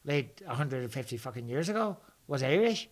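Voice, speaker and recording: A man's voice: medium pitch, big pitch swings, a little fast. A man, hosting a casual live chat, blunt and joking, swearing freely. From England. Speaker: podcast host. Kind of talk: live casual chat answering viewer questions.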